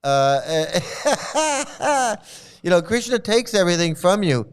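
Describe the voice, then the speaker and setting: A man reacts to a clip with blunt scorn, stumbling into restarts and repeating his points. His voice is smooth and clear. It sits a little high for a man. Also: animated, slow. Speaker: commentary host. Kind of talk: mocking reaction commentary.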